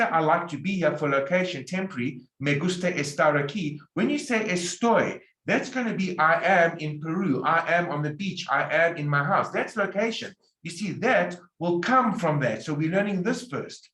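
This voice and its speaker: A man teaching a Spanish lecture, drilling example sentences slowly and emphatically. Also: high voice, fairly bright tone. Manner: slow, emphatic drilling with repeated example phrases. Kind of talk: recorded language lecture. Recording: echoey room.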